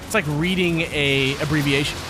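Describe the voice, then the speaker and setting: A man's voice: a little high, fairly even intonation, moderate pace, background noise. A young man doing casual, jokey let's-play commentary, telling stories and laughing a lot. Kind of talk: casual gameplay banter.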